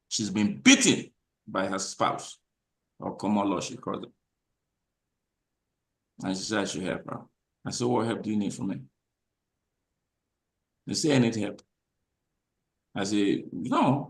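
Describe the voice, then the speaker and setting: A man hosting a motivational talk, speaking with a preacher-like, emphatic delivery that rises into loud, repeated lines. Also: reverberant. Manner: preacher-like, swings to loud high emphatic repetition. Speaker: host.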